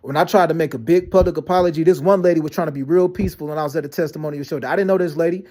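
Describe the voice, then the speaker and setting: A man ranting to camera about being lied about, talking fast with heavy slang, profanity and many restarts. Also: a little high, warm tone. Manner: fast, repetitive storytelling with frequent restarts and "you know what I'm saying". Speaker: vlogger. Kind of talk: rambling personal rant to camera.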